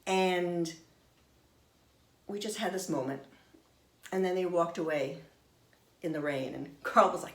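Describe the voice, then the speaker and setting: A middle-aged woman telling a personal story in an expressive, animated way. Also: on the low side, unhurried, pauses often. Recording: roomy echo.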